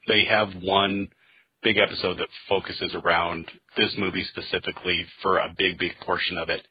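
Man, podcast co-host; very low, husky voice, admiring film talk, dull sound. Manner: admiring, emphatic, swears for emphasis. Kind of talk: casual movie commentary chat.

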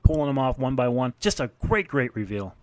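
A man's voice: mid-range voice, big pitch swings, a little fast, a little mellow, dry recording. A man recapping a film's scenes in casual chat, narrating events and laughing as he goes. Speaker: podcast co-host recapping a film.

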